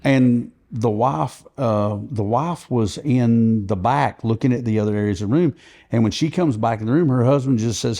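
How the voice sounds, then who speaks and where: A man's voice: mid-range voice, normal speed, mellow. A man, a podcast guest, earnestly recounting events at length in conversational storytelling.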